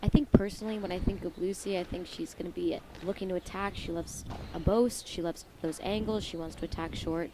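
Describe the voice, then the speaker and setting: A woman's voice: lowish voice, fairly even intonation, brisk, hardly any pauses. A woman giving live color commentary on a squash match, often acting out players' thoughts in quotes. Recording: noisy venue audio.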